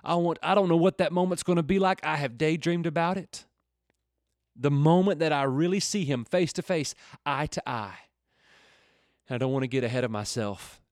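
Middle-aged man, radio Bible teacher, earnest and homespun, slightly high voice, dry close sound. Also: normal speed, darkish tone, no echo. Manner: earnest, folksy, builds to fervent exclamations. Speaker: radio preacher.

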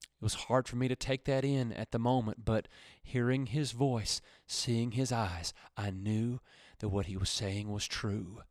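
A male pastor preaching a radio sermon, his voice swelling loud and high, then dropping low and quiet. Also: fairly even intonation, unhurried, no room sound, clean studio sound.

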